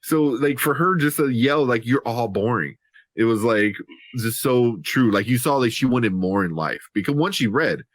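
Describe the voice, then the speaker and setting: A man's voice: mid-range voice, expressive, normal speed, no room sound. A man co-hosting a casual movie review chat, rambling with lots of fillers and retelling scenes in quoted dialogue. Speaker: podcast co-host.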